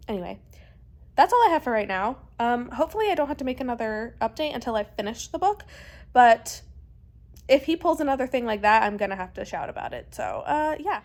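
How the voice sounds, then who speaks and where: A young woman talking casually in a book vlog, her voice sitting a little high. She sounds animated and exasperated and leans on "like" a lot. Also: a little fast. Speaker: book vlogger.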